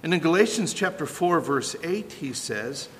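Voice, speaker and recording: A man preaching with a high, bright voice that rises and falls with energy. He keeps asking his listeners questions and answering them himself. His voice carries a long hall reverb. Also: normal speed. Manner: animated, asks the audience rhetorical questions. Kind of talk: sermon.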